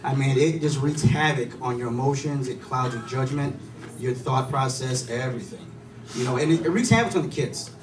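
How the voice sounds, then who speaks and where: A man's voice: medium pitch, normal speed, echoey room, far from the mic, noisy background. A man performing a stand-up comedy set, telling loose, chatty stories with lots of fillers. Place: comedy club stage. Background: room ambience and audience laughter.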